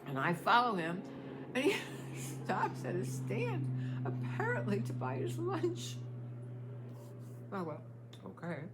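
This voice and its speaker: Chatty older woman with a lively voice. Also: mid-range voice, takes it slowly, long pauses, very noisy. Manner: chatty, laughs often while telling a story. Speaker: vlogger. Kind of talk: casual storytelling.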